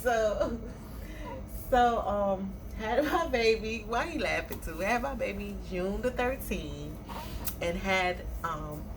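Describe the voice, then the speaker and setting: A young adult woman vlogger telling a storytime in a chatty, animated way with playful asides. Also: mid-range voice, takes it slowly, noisy background. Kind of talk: casual storytime.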